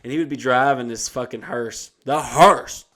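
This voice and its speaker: Brief: male co-host, crude, laughing, swears freely, middle pitch. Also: steady tone, brisk, fairly bright tone. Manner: profane, storytelling, laughs a lot. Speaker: podcast co-host. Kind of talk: crude casual chat.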